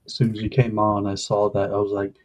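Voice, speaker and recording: A man's voice: fairly low pitch, monotone, fast talker, a little mellow, rough recording. A man co-hosting a livestream in casual chat, passing on news and announcements to viewers. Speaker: livestream co-host.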